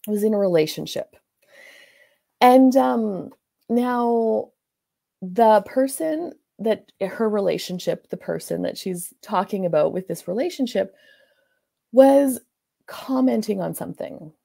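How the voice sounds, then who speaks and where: Gravelly-voiced woman coach telling a story. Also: medium pitch, dark tone. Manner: loose, meandering retelling with many "like"s and restarts. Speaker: life coach. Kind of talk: casual storytelling monologue.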